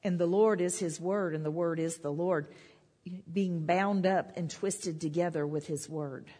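Woman preaching a sermon, keeps repeating lines louder and louder, big echoey hall sound. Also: on the low side, steady tone, unhurried. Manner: repetitive, rising emphatic declarations. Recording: long hall reverb.

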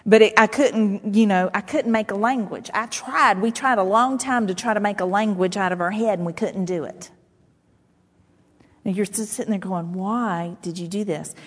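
A woman's voice: mid-range voice, moderate pace, breathy edge. Woman preaching in a reverberant church. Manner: conversational, animated preaching with made-up syllables. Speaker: pastor. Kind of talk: sermon. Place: church sanctuary. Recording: long hall reverb.

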